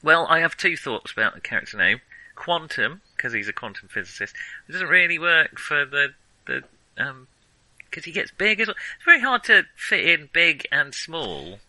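A man's voice: fairly high pitch, big pitch swings, moderate pace, sharp tone, no room sound, rough recording. A man from Salford with a Manchester accent, playing a tabletop game and explaining his character in a rambling, self-amused, hesitant way. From Salford, England. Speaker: player. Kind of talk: casual tabletop game chat.

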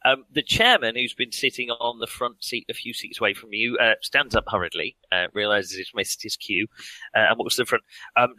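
A man narrating a tabletop game as game master, halting with frequent ums and restarts. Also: mid-range voice, bright, forceful tone, dry recording, low-quality recording. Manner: hesitant, many ums and restarts.

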